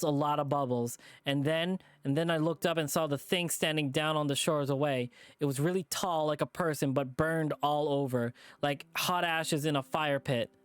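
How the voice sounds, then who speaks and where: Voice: mid-range voice, clean tone, dry recording, lightly acted. A visual novel streamer voicing a frightened young male lynx who stammers and breaks down while recalling a trauma. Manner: shaky, halting, breaking into sobs.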